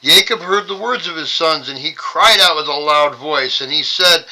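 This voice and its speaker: A man's voice: fairly high pitch, moderate pace, few pauses, pushed and bright, rough recording. A man hosting a Bible study, reading scripture aloud and dropping wry, sarcastic side comments.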